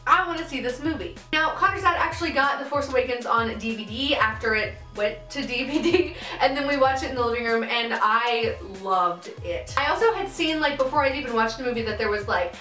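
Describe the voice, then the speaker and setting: Young female vlogger, high-pitched, rambling and giggly, recorded off-mic in a roomy space. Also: expressive, a little fast, hardly any pauses, bright, forceful tone. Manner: chatty, giggly, many fillers. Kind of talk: casual chat to camera. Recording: echoey room, mic at a distance, music underneath.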